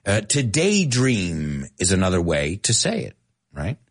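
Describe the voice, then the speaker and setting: Man, husky voice, slow unhurried pace, joking teacher on a live stream. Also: sits low. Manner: animated and playful, laughing at his own jokes. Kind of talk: casual live-stream language lesson.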